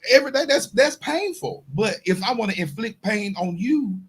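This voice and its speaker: A man's voice: high voice, animated, moderate pace, noisy background. A man hosting a podcast, talking earnestly in casual conversation, often repeating phrases as he searches for words. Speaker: podcast host.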